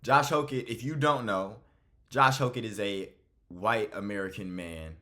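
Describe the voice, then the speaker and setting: A man's voice: fairly low pitch, measured pace, sharp tone, a little hiss or hum. A man hosting casual reaction commentary, blunt and exasperated, cursing freely. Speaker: MMA commentary host.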